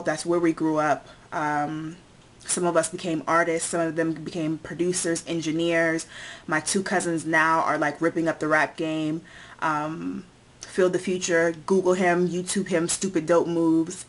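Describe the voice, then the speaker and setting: A young woman born in the United States, chatting casually in a tag video and listing things one by one with many fillers. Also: low voice. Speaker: vlogger.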